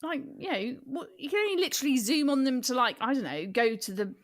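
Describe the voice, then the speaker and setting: Comedy podcast co-host: woman, fairly high voice with a lively, varied pitch, dry teasing delivery. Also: quick pace. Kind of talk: casual comedy chat.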